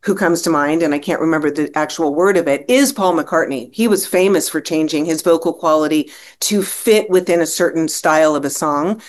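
Host, woman, lowish pitch, eager interviewer, gropes for words at times. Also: fairly quick, hardly any pauses. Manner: enthusiastic, searching for words. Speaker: podcast host.

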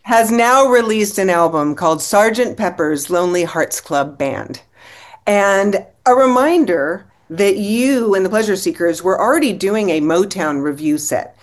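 A woman's voice: medium pitch, expressive, a little slow. A woman hosting an interview, asking enthusiastic questions and sometimes searching for the right word. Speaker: podcast host.

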